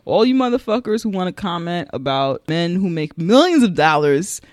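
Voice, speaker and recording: Young adult co-host, blunt and profane, very animated, dry close sound. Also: medium pitch, normal speed, no echo. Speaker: podcast co-host. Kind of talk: casual chat.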